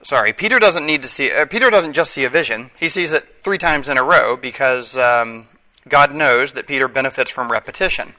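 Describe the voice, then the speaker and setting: A man's voice: medium pitch, fairly quick, pushed and bright, rough recording. A man, likely a father of young children, preaching a conversational sermon with wry asides and self-corrections.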